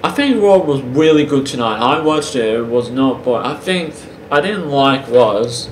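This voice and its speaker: A man casually reviewing a wrestling show for his channel, talking in a halting way with many pauses and restarts. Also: mid-range voice, lively intonation. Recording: roomy with faint background hiss.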